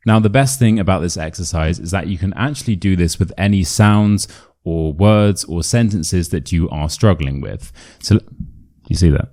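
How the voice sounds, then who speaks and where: A man with a British RP accent teaching pronunciation in an upbeat, clear instructional video lesson. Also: deep voice, moderate pace, a little mellow. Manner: clear, upbeat, demonstrating sounds.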